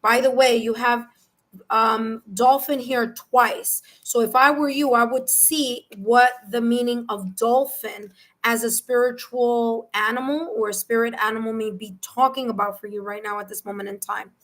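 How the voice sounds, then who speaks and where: A woman with a New York accent giving a live tarot reading, animated and repeating phrases as she reads cards and chat messages aloud. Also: a little high, normal speed, poor audio. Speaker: tarot reader.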